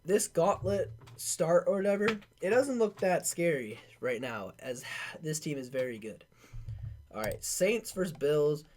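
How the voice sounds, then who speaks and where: A man's voice: a little high, expressive, measured pace, a little mellow, a little hiss or hum. A man hosting a casual sports podcast, rattling off game stats with slangy filler words and loose asides. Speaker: podcast host.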